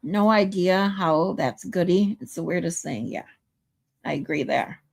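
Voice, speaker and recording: A woman's voice: lowish voice, unhurried, creaky. A woman hosting a casual livestream, chatting playfully and reading viewer comments aloud. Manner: playful, tries out pronunciations. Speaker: livestream host.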